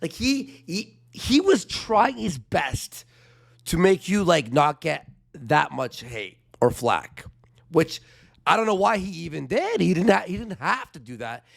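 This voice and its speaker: A man with a gravelly voice and a slightly high pitch reads out messages with sarcastic disbelief. His voice jumps around a lot and keeps a loose, casual delivery. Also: very animated, measured pace. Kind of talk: casual commentary reading messages.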